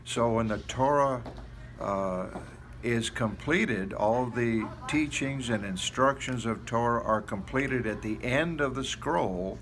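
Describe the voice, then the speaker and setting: A man explaining a synagogue custom in a plain, thoughtful way, pausing now and then. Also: medium pitch, fairly bright tone, a little hiss or hum. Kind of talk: explanatory talk.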